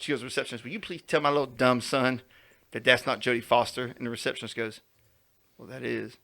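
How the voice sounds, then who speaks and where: Guy on a podcast, gravelly bright voice, acts out everyone in his story. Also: medium pitch, fast talker. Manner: animated storyteller, acts out quotes, laughs often. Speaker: podcast co-host. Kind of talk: casual storytelling chat.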